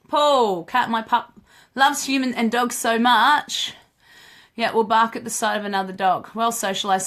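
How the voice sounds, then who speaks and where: A young woman runs a relaxed live question-and-answer stream on dog training. Her voice sits a little high and rings bright and forceful. She is chatty and quick to laugh, calling out to viewers by name as she goes. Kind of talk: casual live-stream chat.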